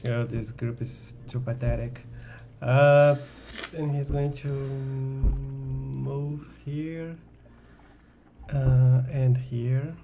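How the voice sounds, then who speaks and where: A man's voice: medium pitch, fairly even intonation, drawn-out words, warm tone, slight background noise. A man playing a tabletop game, speaking hesitantly with many fillers. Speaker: player. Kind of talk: casual tabletop play.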